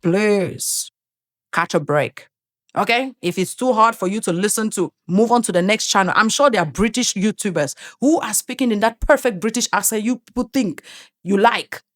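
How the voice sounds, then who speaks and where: A woman's voice: medium pitch, moderate pace. A woman with an African accent giving an opinionated commentary monologue, emphatic and full of rhetorical questions. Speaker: online commentator.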